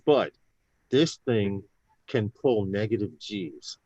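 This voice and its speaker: Low-voiced man telling a story. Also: expressive, slow pace, mellow, no room sound, lo-fi sound. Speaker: co-host. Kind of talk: casual live show talk.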